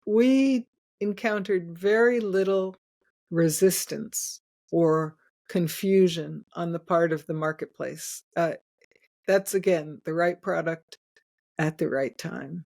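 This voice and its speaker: Older woman guest, chatty storyteller, lowish voice, laughs a lot. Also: takes it slowly, vocal fry, a little mellow. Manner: chatty, laughs often, many restarts. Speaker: guest, inventor. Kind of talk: storytelling in casual interview.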